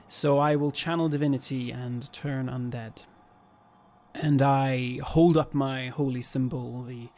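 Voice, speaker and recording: A man voicing his cleric in a tabletop game, slow and measured, with a level, flat delivery. He speaks solemnly and sometimes restarts a phrase. A faint hiss of noise sits behind him. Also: medium pitch. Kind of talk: tabletop role-play, in and out of character.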